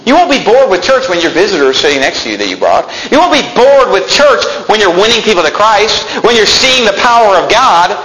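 A man preaching a sermon in a church, animated, acting out quotes and bursting into shouts. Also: high-pitched, a little fast, hardly any pauses, reverberant, slight background noise, low-quality recording.

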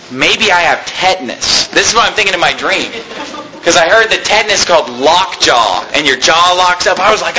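A man's voice: high-pitched, slight background noise, poor audio. A man preaching a sermon to his congregation, telling a personal story and asking the room questions. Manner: lively storytelling with audience questions. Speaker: pastor.

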